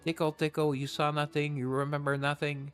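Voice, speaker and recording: A man's voice: on the high side, flat delivery, brisk, faint music behind, natural voice. A man doing a bossy, scheming woman spy. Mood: coaxing. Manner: bossy, mock-formal.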